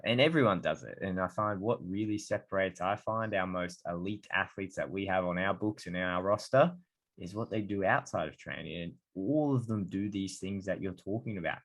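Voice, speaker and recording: A man hosting a podcast, chatting casually and telling stories in a relaxed way. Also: sits low, normal speed. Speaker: podcast host, dietitian. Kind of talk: casual interview chat.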